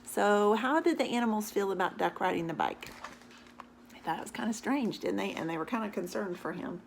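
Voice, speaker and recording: A woman teacher reads a picture book aloud to her class, pausing to quiz the children about what they see and think. Her voice sits at an ordinary middle pitch but moves lively up and down with a gravelly edge. She keeps the lesson animated with lots of questions. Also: a little hiss or hum.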